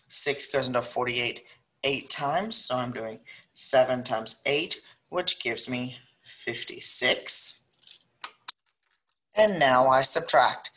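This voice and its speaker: A middle-aged woman with a South Louisiana accent teaches a recorded math lesson. Her voice is bright and clear. She works the problems aloud, thinking as she goes and slowing down to spell out the numbers. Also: extremely low pitch. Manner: thinks aloud, slows down when dictating numbers.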